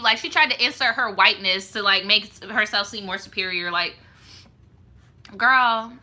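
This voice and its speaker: A woman's voice: fairly high pitch, pushed and bright. A young woman hosting a live storytime stream, reacting to viewer stories in a blunt, profane, slang-heavy way. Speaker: host reading viewer stories.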